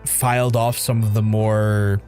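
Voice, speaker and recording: Softened Belfast accent, chatty streamer man. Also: fairly low pitch, flat delivery, measured pace, soft background music. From Northern Ireland. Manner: chatty, swears freely, reads out chat. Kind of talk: casual live-stream chat.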